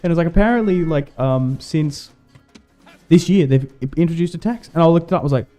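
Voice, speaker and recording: A man's voice: fairly high pitch, moderate pace, dark tone, soft background music. A man chatting casually with his stream while playing a strategy game, rambling with fillers and laughs. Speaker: livestream gamer.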